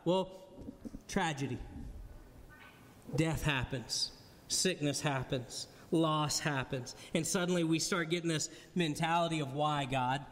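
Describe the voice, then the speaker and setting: Joking conversational preacher in a reverberant hall. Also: male voice, fairly high pitch. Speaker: pastor. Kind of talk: sermon. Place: church hall before a congregation.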